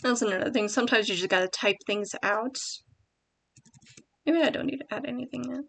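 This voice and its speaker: A woman vlogger thinking aloud about writing, soft and hesitant, often correcting herself. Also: a little high, a little fast, vocal fry. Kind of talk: thinking aloud while typing.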